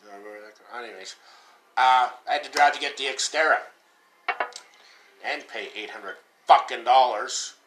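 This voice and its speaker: A middle-aged man with a bright, forceful voice, swearing freely as he rambles through a story. He sounds like he's in an echoey room with a little background hiss. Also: medium pitch, moderate pace, long pauses. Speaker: podcast co-host. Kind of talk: crude casual chat. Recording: echoey room with faint noise.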